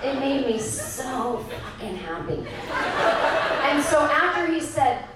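A woman's voice: high voice, very animated, takes it slowly. A woman performing a profane, wry stand-up comedy set on a club stage, acting out the people in her stories. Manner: profane, wry, acts out other people's voices. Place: comedy club stage before a live audience. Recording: echoey live club, mic far off, crowd noise. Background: audience laughter.

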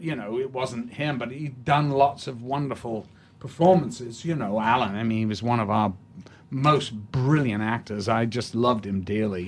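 An older man, an actor being interviewed, telling stories in a rambling, halting way with many restarts. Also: medium pitch, slight background noise. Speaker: actor, guest. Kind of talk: anecdotal storytelling in an interview.

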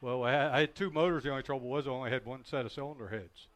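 Halting older man recalling racing days. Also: medium pitch. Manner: halting, many filler pauses. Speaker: guest, former race car driver. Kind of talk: casual chat.

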